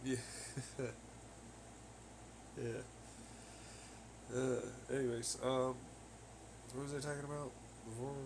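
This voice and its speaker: A man's voice: mid-range voice, flat delivery, slow, long pauses, background noise. A young man rambling casually on his own podcast, cursing heavily as he rants. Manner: heavy swearing, ranting. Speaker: podcast host. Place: home on laundry day.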